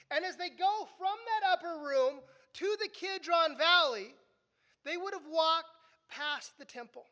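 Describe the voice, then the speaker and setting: A woman delivers a verse-by-verse sermon, talking to the congregation as if chatting with them. Her voice sits high and has a bright, forward edge. She often stumbles into repeated words as she restarts a thought. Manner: conversational teaching, repeats words when restarting. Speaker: preacher. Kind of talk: expository sermon.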